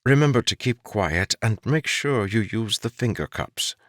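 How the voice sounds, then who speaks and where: A wry court jester who mocks everyone with dry, knowing banter, as a man reading an audiobook puts him on. The voice sits low but swings widely in pitch. The recording is close and dry, with no room sound. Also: lively intonation, a little slow, fairly bright tone, dry recording. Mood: teasing. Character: wry male court jester, mocking and worldly.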